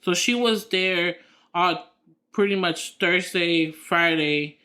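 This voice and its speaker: A woman's voice: fairly low pitch, slow pace, sharp tone. A woman co-hosting a podcast in casual chat, rambling through her story with lots of fillers and restarts. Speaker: podcast co-host.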